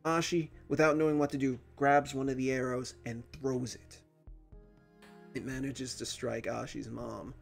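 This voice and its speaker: A man's voice: mid-range voice, gravelly. A man hosting a reaction video, casually retelling a cartoon episode with lots of fillers.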